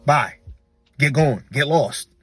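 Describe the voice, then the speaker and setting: A man's voice: mid-range voice, slow, a bit bright, slightly rough, soft background music. A man giving blunt, slangy reaction commentary, repeating words for emphasis. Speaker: dating commentator.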